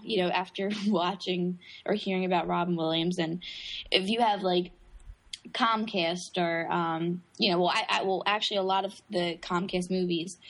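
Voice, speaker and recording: Eager young woman chatting casually. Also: fairly low pitch. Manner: excited, quick to laugh, eager to recall scenes. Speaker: film fan in conversation. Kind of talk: casual chat.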